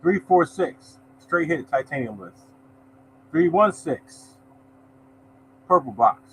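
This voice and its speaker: A man runs a casual live lottery show, slightly high-voiced and loose in tone. He keeps up a friendly running chatter, greeting viewers and saying "y'all" often. A faint background hiss sits under his voice. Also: animated, slow pace, fairly bright tone, rough recording. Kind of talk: casual live-stream chat, reading results.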